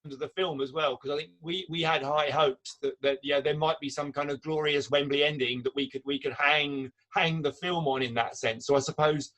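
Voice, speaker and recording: A male executive producer guiding a live Q&A with careful, reflective remarks. He hedges his points and poses questions to his co-director. His voice is a little higher than most men's. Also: fairly even intonation, fairly bright tone. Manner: measured, hedging with "I think". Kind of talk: live Q&A conversation.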